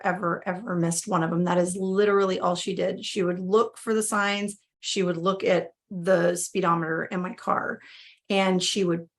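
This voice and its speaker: A woman in her thirties, a mother telling her family's story in a casual, conversational way, with frequent fillers and restarts. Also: on the low side.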